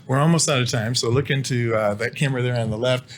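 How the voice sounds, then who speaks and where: A man's voice: medium pitch, quick pace, slight background noise. A man hosting a promotional interview show, enthusiastic and full of compliments for his guest.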